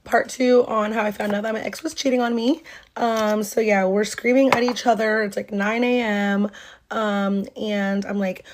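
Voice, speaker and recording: A woman's voice: medium pitch, steady tone, moderate pace, a little hiss or hum. A young woman from North Carolina telling a casual storytime monologue, rambling through fillers and swearing as she acts out quoted lines.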